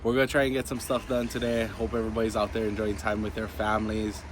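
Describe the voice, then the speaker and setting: Casting note: congested young man, low and fairly flat voice, easygoing vlog chatter, steady background noise. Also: quick pace. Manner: relaxed, chatty, many ums. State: congested, stuffed-up nose. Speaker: car salesman vlogger. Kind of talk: casual vlog update.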